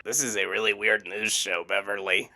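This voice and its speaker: Man playing a gravelly, exasperated husband. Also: on the low side, fairly even intonation, moderate pace, bright, forceful tone. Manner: whiny, exasperated. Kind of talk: improvised comedy role-play.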